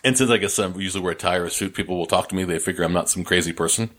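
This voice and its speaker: A Canadian man chatting casually, telling rambling stories and getting animated when he quotes other people. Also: sits low, racing. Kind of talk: casual chat.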